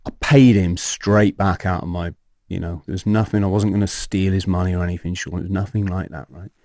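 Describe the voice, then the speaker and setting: Lively man telling a story. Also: deep voice, a little fast, no echo, clean studio sound. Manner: animated, acts out quoted dialogue, swears casually. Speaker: podcast guest. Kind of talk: storytelling in an interview.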